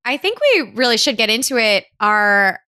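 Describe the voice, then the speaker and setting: A woman from the United States co-hosting a casual chat show, animated, laughing mid-sentence and acting out people. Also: fairly high pitch, normal speed, a crowd in the background. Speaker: podcast co-host.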